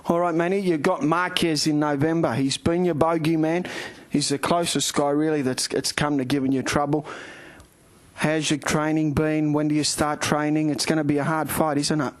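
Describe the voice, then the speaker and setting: Higher-pitched Australian interviewer, pushing questions. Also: male voice, moderate pace. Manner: energetic, leading questions. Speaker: boxing show host, interviewer. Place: indoors in the Philippines.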